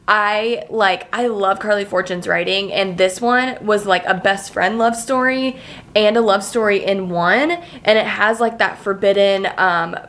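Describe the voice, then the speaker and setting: A woman in her twenties talking casually to camera in a vlog, chatty and excitable, swearing freely and leaning on filler words. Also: mid-range voice. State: emotional, near tears. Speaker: vlogger.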